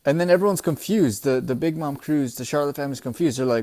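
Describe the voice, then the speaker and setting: A young man recapping a comic chapter in a casual, excitable, profane way, often calling his listeners "bro". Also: on the high side, fast talker. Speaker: manga chapter reviewer.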